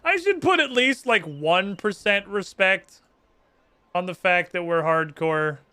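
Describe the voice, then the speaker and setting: His voice is high-pitched and expressive, measured in pace, bright and forceful, smooth and free of room sound. The man is streaming a video game, swearing and making sarcastic remarks to himself throughout.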